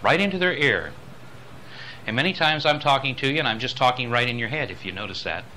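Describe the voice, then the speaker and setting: A man teaching a lecture on voice and speaking, dropping low and soft, then rising loud to show his points. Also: expressive, brisk, a little hiss or hum. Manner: demonstrates voices, swings between soft and loud. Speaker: spiritual voice teacher. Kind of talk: recorded lecture on voice.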